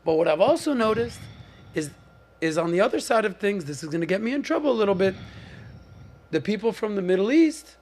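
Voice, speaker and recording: A man from Miami hosting a podcast, telling stories in an animated, emphatic and conversational way. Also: high voice, fairly quick, a little hiss or hum. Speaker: podcast host. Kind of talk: casual panel discussion.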